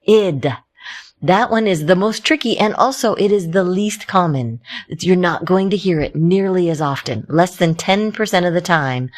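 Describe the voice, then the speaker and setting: A woman teaching a phonics lesson, speaking slowly and clearly and sounding out letters one by one. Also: lowish voice, a little mellow.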